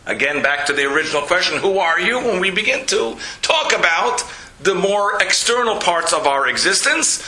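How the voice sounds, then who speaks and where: A man, a rabbi, giving a storytelling lecture, animated, jumping his pitch to act out quotes. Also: normal speed. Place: lecture hall. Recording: roomy lecture hall echo.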